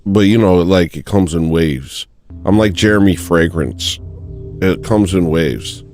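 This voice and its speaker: A man's voice: sits low, a little slow, a little mellow, faint music behind. A man hosting a comedic livestream, talking in a rambling, joking, self-mocking monologue. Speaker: livestream host.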